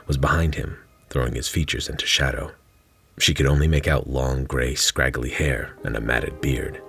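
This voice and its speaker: A man narrates his own fantasy short story with a dry, wry delivery. His voice is extremely low and gravelly. Faint music plays beneath the reading. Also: fairly bright tone.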